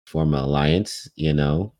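A man's voice: rumbling low, unhurried, darkish tone. A young man co-hosting a casual podcast chat, laid-back and slangy, laughing often. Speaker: podcast co-host. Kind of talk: casual chat about an anime.

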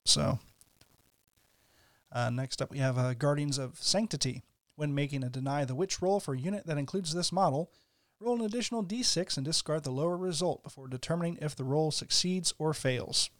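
A man's voice: on the high side, brisk, dry recording, clean studio sound. A man co-hosting a casual podcast, reading game rules aloud with asides and laughing easily. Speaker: podcast co-host.

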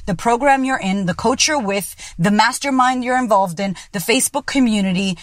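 A woman's voice: mid-range voice, dry recording, studio quality. A woman podcast host and coach giving a blunt, profane motivational monologue. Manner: blunt and profane, keeps it real.

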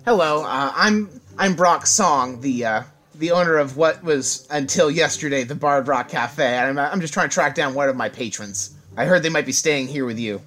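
A man playing a tabletop game, speaking politely in halting bits with many restarts. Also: fairly high pitch, bright, forceful tone. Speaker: player.

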